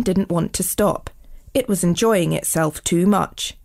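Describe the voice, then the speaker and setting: A woman, a children's author, reading her own storybook aloud with clear, expressive delivery. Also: on the low side, measured pace.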